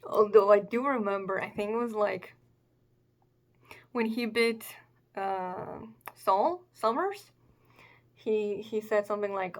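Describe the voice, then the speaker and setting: A woman's voice: medium pitch, takes it slowly, pauses often, darkish tone. A woman hosting a casual manga reaction, thinking aloud in a chatty way with many fillers and self-corrections. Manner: chatty, musing, filler-heavy.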